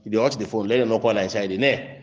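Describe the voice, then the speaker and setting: A man with a Nigerian Pidgin accent preaching a sermon. He recites verses slowly, then explains them in a rising, emphatic voice and drops to quiet asides. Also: on the low side, highs cut off. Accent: Nigerian Pidgin English. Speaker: Islamic preacher. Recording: roomy echo.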